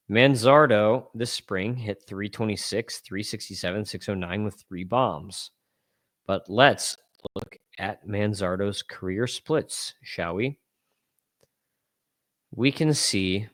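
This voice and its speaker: A man with a somewhat low voice hosts a casual sports podcast, talking through numbers as he scrolls. He rambles, catches and corrects his own slips, and chuckles at his own asides. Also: fairly bright tone. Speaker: fantasy baseball podcast host. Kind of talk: casual analysis while screen-sharing stats.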